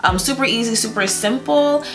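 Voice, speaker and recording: Young woman doing a makeup tutorial, chatty and playful, guitar music loud behind her. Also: on the high side, moderate pace. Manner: chatty and playful, many fillers and little laughs. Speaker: beauty vlogger. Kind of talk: casual makeup tutorial chat.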